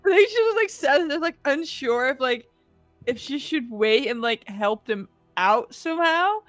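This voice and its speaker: A woman in a tabletop game describes what her character does, giggling often and leaning on fillers. Her voice is high and recorded dry, with faint music underneath. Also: expressive, measured pace, dry recording. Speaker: player. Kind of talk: casual narration of her character's actions.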